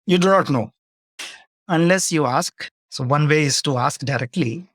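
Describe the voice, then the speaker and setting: Reflective coach, dry close sound. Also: male voice, fairly high pitch, moderate pace, a bit bright, no echo. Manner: reflective, explains with quoted example dialogues. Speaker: guest speaker and leadership coach. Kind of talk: webinar Q&A answers.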